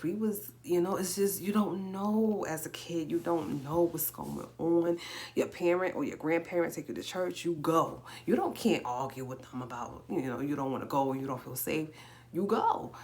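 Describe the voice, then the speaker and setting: A woman in her forties with a low voice tells a personal story on a home livestream. She talks casually, circles back with repeated words and acts out what others said. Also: a little mellow. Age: 40s. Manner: repeats herself, acts out quoted speech.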